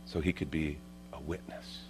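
A man preaching a sermon, swinging between loud, high emphasis and quiet, low asides. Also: steady tone, moderate pace, slight background noise. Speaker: pastor.

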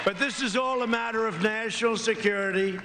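A man's voice: sits high, a little fast, a loud crowd, very noisy. A man giving a campaign rally speech, emphatic and repetitive, with rambling asides. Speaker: political candidate. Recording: echoey rally recording.

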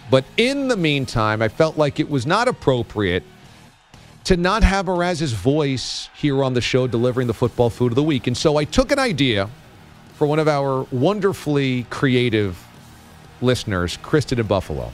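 A man's voice: mid-range voice, sing-song, normal speed, faint music behind. A man hosting a radio talk show, telling a story in a playful way. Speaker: podcast host. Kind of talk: casual radio chat.

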